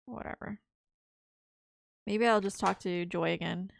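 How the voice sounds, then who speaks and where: A woman's voice: medium pitch, steady tone, unhurried, vocal fry, slight background noise. A young woman chatting casually while she plays a game, rambling and swearing when she gets stuck. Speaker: streamer. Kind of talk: casual live-stream commentary while playing.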